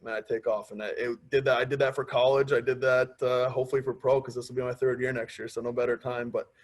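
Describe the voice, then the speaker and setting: A fast-talking man in his twenties with a mid-range voice, a pro hockey player appearing as a podcast guest, chats casually in an interview. He tells stories and acts out what others said to him in lively asides.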